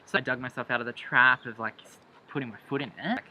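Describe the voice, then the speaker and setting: A young man, chatting through a date story in a lively, jumpy way. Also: medium pitch, fast, slight background noise, low-quality recording. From Australia. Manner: animated, jumps into quoted voices, laughs a lot. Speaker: vlogger. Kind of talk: storytime chat.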